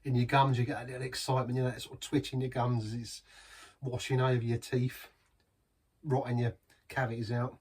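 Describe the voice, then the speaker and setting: A man's voice: mid-range voice, flat delivery, brisk, a little mellow, slightly rough, recorded from a distance. A man reviewing a beer in a chatty, rambling way, savouring each sip. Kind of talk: casual beer review vlog.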